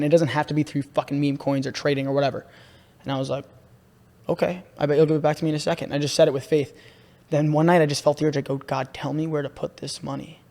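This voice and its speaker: A young man on a podcast, excitedly telling a long story and calling his listener "bro" a lot. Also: fairly high pitch, vocal fry. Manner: excitable, repeats himself, says "bro" a lot. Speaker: podcast host. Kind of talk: casual podcast chat, storytelling. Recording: room with long reverb.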